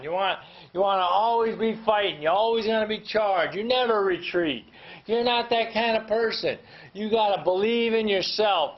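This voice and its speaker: High-pitched guy pumping up a crowd, emphatic, kinda dull lo-fi sound. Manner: fired-up, emphatic, addresses audience directly. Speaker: motivational speaker. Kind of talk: motivational talk. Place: hall with live audience.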